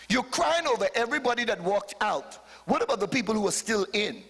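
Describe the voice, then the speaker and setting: High, bright-voiced man preaching in a reverberant hall. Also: lively intonation, fast talker, few pauses. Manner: fervent preaching, calls to the congregation, sudden shouted peaks. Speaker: bishop preaching. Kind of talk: live sermon. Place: church hall with congregation.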